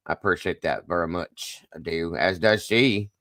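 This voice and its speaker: A man's voice: deep voice, normal speed, fairly bright tone, dry recording, studio quality. A man hosting a casual livestream, upbeat and friendly, greeting viewers by name one after another. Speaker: livestream host.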